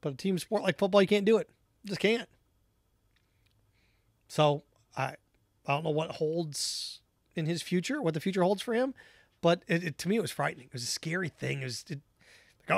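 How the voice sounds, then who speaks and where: A man's voice: a little high, normal speed, gravelly, pauses often, no room sound, studio quality. A man hosting a sports talk show, giving solo commentary in an emphatic, opinionated way and repeating his points for effect.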